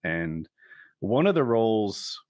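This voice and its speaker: Low-voiced podcast host, calm detailed storytelling, dry sound. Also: male voice, slow, no echo. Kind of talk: casual chat.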